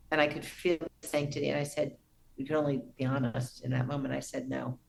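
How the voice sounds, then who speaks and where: A middle-aged woman, a podcast guest, telling a personal story in an earnest, reverent way with soft restarts. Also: very deep voice, little pitch movement, moderate pace, creaky, slight background noise, low-quality recording.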